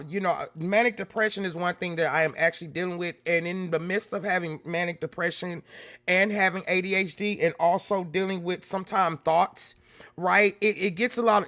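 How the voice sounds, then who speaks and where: A woman hosting a casual livestream, greeting viewers by name and shifting between loud exclamations and quiet, emotional talk. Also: lowish voice. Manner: emotional, swings from loud exclamations to soft near-whispers; talks straight to chat, greeting viewers by name. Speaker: YouTube livestream host.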